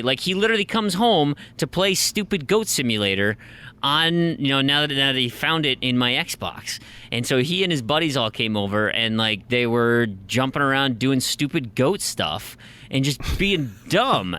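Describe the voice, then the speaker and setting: Animated man telling a story. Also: mid-range voice, moderate pace, clear, resonant tone. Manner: animated storyteller, acts out quotes. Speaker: podcast co-host. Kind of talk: casual chat.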